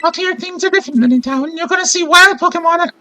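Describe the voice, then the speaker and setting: A man voicing a cheery game guide character in an exaggerated falsetto while reading the game's dialogue aloud. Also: quick pace, sharp tone, faint music behind, heavily acted. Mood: chirpy.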